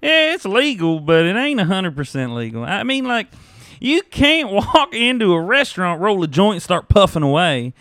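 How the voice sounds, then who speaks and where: A man's voice: sits high, very animated, normal speed, a bit bright, dry recording, studio quality, pitched above the performer's own voice, heavily acted. A man voicing a chatty, laid-back hitman in a put-on Southern accent during a comedic script read-through. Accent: put-on American Southern. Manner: drawling, conversational, crude.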